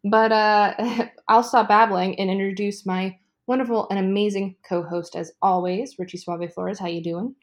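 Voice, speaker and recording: A woman hosting a casual sports podcast, rambling excitably and swearing freely. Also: medium pitch, normal speed, hardly any pauses. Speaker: podcast host. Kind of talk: casual chat. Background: ice maker noise from a fridge.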